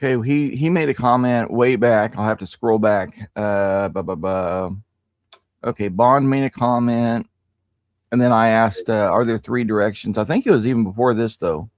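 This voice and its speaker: A man's voice: medium pitch, normal speed, no room sound. A man in a casual live-stream chat, explaining things carefully step by step. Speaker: panel guest.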